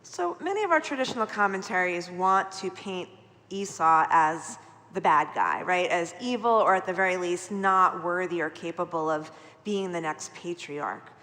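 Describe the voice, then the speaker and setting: A middle-aged woman leading Torah study in a conversational, animated way, often checking in with "right?". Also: lowish voice, moderate pace. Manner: chatty, animated, peppered with "right?". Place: large synagogue sanctuary. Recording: long hall reverb from a live broadcast.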